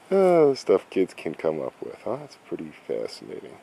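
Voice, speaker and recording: A man, a father, narrating an animated story outdoors, sometimes dropping to hushed tones. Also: low voice, gravelly, slightly rough.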